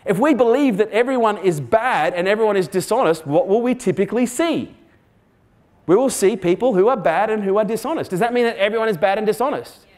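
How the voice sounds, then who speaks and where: Man, forties, keynote speaker, blunt, swears, quizzes the crowd, slightly high voice. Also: expressive, fairly quick, darkish tone. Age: 40s. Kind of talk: motivational keynote talk. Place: stage before a live audience.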